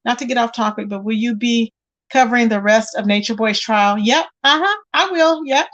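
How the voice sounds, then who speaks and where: High-pitched woman host, lively chatty stream talk, greets viewers warmly by name. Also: normal speed, dull audio. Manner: animated, chatty, calls viewers "child" and "baby". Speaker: livestream host reading chat. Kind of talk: casual chat.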